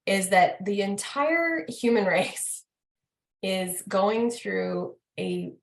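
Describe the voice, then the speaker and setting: A woman's voice: medium pitch, drawn-out words, vocal fry. Chatty woman host in an echoey room. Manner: animated, repeats questions back to herself. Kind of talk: casual chat. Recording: roomy echo.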